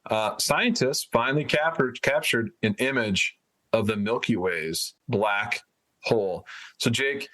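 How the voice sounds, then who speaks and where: A man's voice: medium pitch, measured pace, a bit bright. A man co-hosting a podcast in casual chat, rambling and hedging as he talks. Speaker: podcast co-host.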